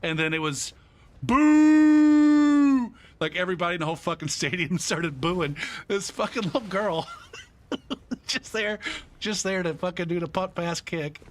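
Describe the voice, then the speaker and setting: A man with a fairly high-pitched voice, speaking at normal speed, streams a game live. He tells a story full of swearing and laughter, coming across as profane and animated while commenting on the gameplay.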